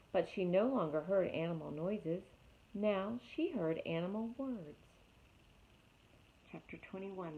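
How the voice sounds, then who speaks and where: A woman reading a storybook aloud in an expressive way, speaking directly to young listeners as a teacher. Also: on the low side. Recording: tinny phone-like audio.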